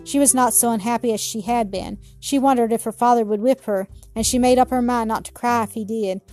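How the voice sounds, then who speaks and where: A woman narrating a children's story in a gentle, measured reading. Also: a little high, faint music behind.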